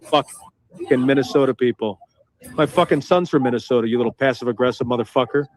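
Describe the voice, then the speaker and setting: A man's voice: mid-range voice, fairly quick. A man hosting a livestream, ranting in a heated, profane way and repeating his taunts. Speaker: livestream host. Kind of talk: livestream rant.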